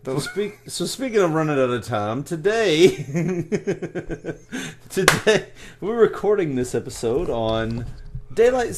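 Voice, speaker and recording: An American podcast co-host chats casually in a medium-pitched, slightly mellow voice. He jokes around, laughs often, and tosses in quick asides.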